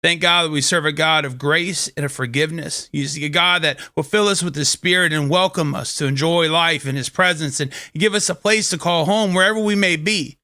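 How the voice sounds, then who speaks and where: A man's voice: a little high, brisk, few pauses, pushed and bright, dry recording, clean studio sound. A man hosting a faith talk show, telling a personal story in an earnest, casual way with frequent restarts. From Kentucky.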